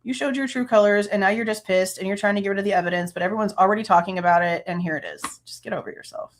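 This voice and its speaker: A woman's voice: mid-range voice, fairly even intonation, racing. A woman, hosting a true crime livestream, ranting angrily, swearing and laughing between outbursts. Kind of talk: casual livestream rant.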